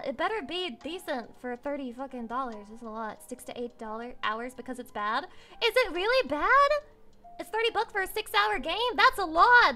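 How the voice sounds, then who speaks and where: A woman livestreamer chatting casually with her viewers, excitable and swearing freely. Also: high-pitched. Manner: excitable and swearing, with squeals and laughs.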